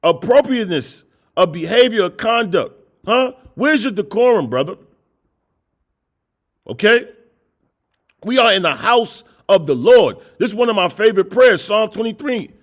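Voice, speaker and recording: A man's voice: high voice, lively intonation, moderate pace, long pauses. A middle-aged man preaching a confrontational sermon, scolding his listeners with repeated rhetorical questions and blunt, profane language. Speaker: street preacher.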